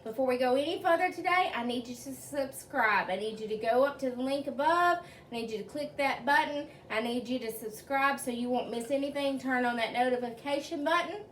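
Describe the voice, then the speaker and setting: A woman's voice: high-pitched, brisk, hardly any pauses, a bit bright, slight background noise. A woman hosting her own cooking channel, talking viewers through a recipe in a chatty, homey way with plenty of fillers, recorded in her home kitchen. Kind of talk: casual cooking demonstration. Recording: roomy, distant sound.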